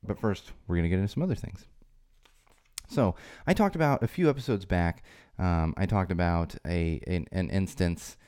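A man hosts a solo podcast in a low, mellow voice, recorded dry and close. He rambles, restarts and fills gaps with "uh", then gets more emphatic and raised when he drives a point home. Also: lively intonation, moderate pace, smooth, no room sound. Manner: rambling, with frequent restarts and fillers. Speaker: podcast host.

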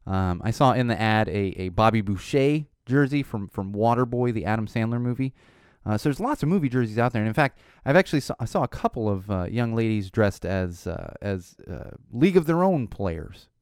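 A middle-aged man hosting a podcast, rambling casually with lots of fillers, his voice a little hoarse and tired. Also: lowish voice, fairly quick, no echo, clean studio sound. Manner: rambling, animated, frequent "uh" fillers. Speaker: podcast host. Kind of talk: casual solo chat.

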